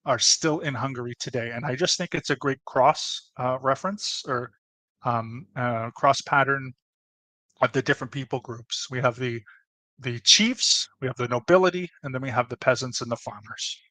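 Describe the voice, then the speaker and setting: A man's voice: mid-range voice, normal speed, sharp tone, no echo. A man explaining in a casual, chatty way, with asides and restarts. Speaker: presenter. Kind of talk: casual educational talk.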